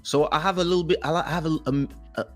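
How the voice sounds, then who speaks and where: A man's voice: fairly high pitch, quick pace, soft background music. A man whose first language is French, a podcast co-host in casual chat, telling stories animatedly and acting out other people's lines. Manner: animated storyteller who acts out other people's voices.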